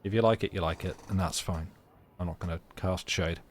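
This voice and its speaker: A man's voice: low voice, brisk, slight background noise. Young British man, livestream chat, sarcastic, rambling, reads game text aloud. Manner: sarcastic, rambling, laughs often. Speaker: streamer.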